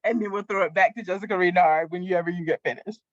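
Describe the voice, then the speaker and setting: A woman's voice: on the low side, fast, dry recording, dull audio. A woman hosting a casual panel chat, enthusiastic and effusive, passing the floor to guests. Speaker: host.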